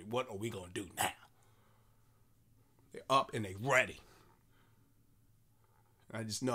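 Animated comedian man telling stories. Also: on the low side, slightly rough. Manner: animated storytelling with repeated phrases. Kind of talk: comedic monologue.

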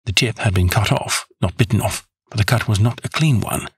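A man narrating a classic story in the first person, in an even, measured way. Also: on the low side, breathy edge, dry recording, clean studio sound. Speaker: audiobook narrator.

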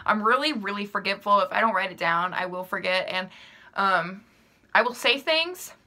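A woman's voice: medium pitch, animated, normal speed, pushed and bright. A young woman vlogging casually, rambling through personal questions with lots of "like" and "um" and easy self-deprecating laughs. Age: young adult. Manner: chatty, rambling, full of "like" and "um". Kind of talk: casual chat answering questions.

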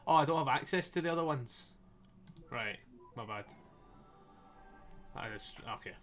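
A man's voice: medium pitch, lively intonation, moderate pace, a bit bright. A man casually commenting on a story game he is playing live, joking with his chat, laughing often and swearing freely, his voice a little strained. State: slightly strained voice. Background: faint game soundtrack music.

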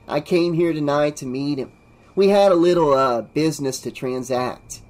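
A man's voice: normal speed, darkish tone, close to an everyday voice. A man voicing a strange young man who is darkly amused and turns sinister. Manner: darkly amused, drifting into sinister low tones.

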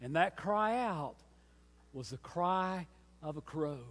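A man pastor preaching a sermon with emphatic, repeated refrains, swinging between hushed and loud passages. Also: fairly high pitch, animated, slow, soft background music. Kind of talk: Easter sermon. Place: church sanctuary. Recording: long church reverb.

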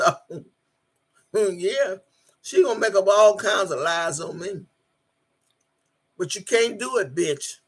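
Husky woman ranting on a live stream. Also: on the low side. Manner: cursing, taunting, loud outbursts. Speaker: live-stream host reading chat. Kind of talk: profane live-stream rant.

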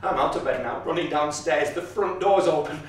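A man's voice: a little high, normal speed, slight background noise, natural voice. An actor playing a violent, menacing father who recalls a brutal childhood, in a brooding stage monologue. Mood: tense, bitter. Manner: brooding and menacing, flaring into manic shouting. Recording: echoey hall, voice from far off.

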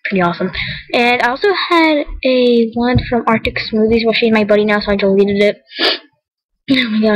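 A young woman vlogs while showing her game, her medium-pitched voice caught on a low-quality recording. She rambles chattily, giggles, keeps correcting herself, and mentions being tired and cold.

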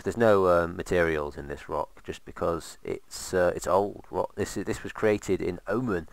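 A man's voice: deep voice, fairly even intonation, unhurried, creaky, few pauses, no room sound. A man casually commentating while playing a game, rambling with sarcastic asides. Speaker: let's play host.

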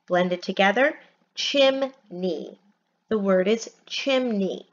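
Lady teacher doing phonics at home, slow and careful, sounds out each letter, kinda dull lo-fi audio. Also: mid-range voice, creaky, a bit bright. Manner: slow, deliberate, spells letters one by one. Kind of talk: phonics lesson.

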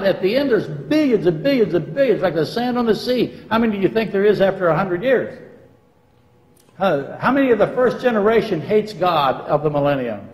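A man lecturing on scripture from the front of a church, pitched slightly high for a man. He keeps throwing questions back at his listeners and slips in dry, tongue-in-cheek remarks. The sound carries a long, hall-like reverb from the sanctuary. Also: expressive, moderate pace. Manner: rhetorical questions to the congregation, dry facetious asides. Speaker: Bible teacher. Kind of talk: verse-by-verse Bible lecture.

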